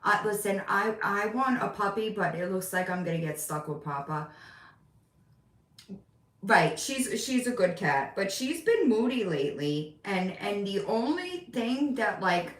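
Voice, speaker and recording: A middle-aged woman talks her way through a relaxed home live stream, unhurried and meandering. Her voice sits back from the microphone, and the room around her rings with echo. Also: medium pitch, recorded from a distance. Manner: chatty, rambling, talks to her cats in baby voice. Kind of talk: casual live-stream chat. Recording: roomy sound, voice off from the mic.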